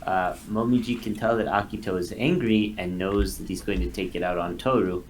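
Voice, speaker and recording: Low-voiced, matter-of-fact man. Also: steady tone, a little fast, noisy background. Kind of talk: casual anime recap chat.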